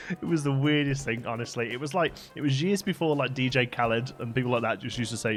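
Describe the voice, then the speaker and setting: A man's voice: mid-range voice, steady tone, brisk, faint music behind. A man chatting casually while streaming a game live, rambling and laughing often.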